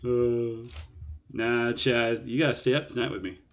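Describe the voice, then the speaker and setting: A man's voice: medium pitch, fairly even intonation, unhurried. A man co-hosting a poker live stream in casual banter, joking and self-mocking and laughing often.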